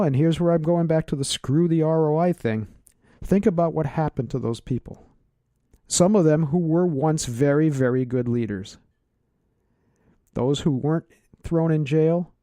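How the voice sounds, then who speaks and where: A man's voice: fairly high pitch, normal speed, mellow, no echo, clean studio sound. A man hosting a solo podcast, speaking earnestly and emphatically, stretching out key words for stress. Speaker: podcast host.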